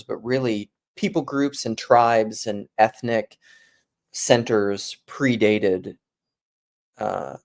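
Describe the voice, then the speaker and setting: A man's voice: on the low side, vocal fry, a little mellow. A man from South Dakota talking casually, wandering between ideas with many restarts and self-corrections. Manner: digressive, thinks aloud with many restarts. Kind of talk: casual rambling talk.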